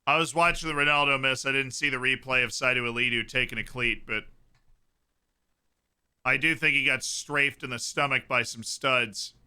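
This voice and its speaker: A young man talks casually through a live watchalong stream, breaking into sudden excited outbursts. His voice is very bright and forward. It is smooth and crisp. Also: mid-range voice, moderate pace.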